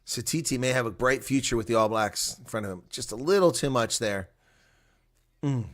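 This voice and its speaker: A man giving solo live play-by-play and color commentary on a rugby match, chatty and excitable, jumping from loud outbursts to muttered asides. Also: medium pitch, moderate pace.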